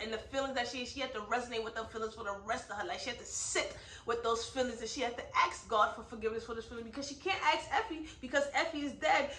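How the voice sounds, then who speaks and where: A woman with a high, bright voice gives a casual book review to camera, leaning hard on "like" and tagging her points with "right?". Her voice rings around a noticeably echoey room. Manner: emphatic, heavy use of "like" and "right?".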